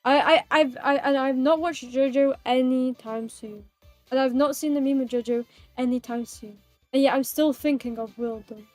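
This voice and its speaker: A woman's voice: high-pitched, fairly even intonation, normal speed, a little mellow, no echo, soft background music. A woman streamer chatting casually with her viewers in a playful, giggly, rambling way, teasing them and herself.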